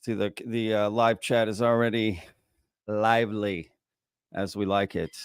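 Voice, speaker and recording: A man's voice: on the low side, steady tone, unhurried, smooth, no room sound, clean studio sound. A man hosting a live stream, chatting casually and greeting viewers in a drawling way. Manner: casual, drawling, says y'all a lot. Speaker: host.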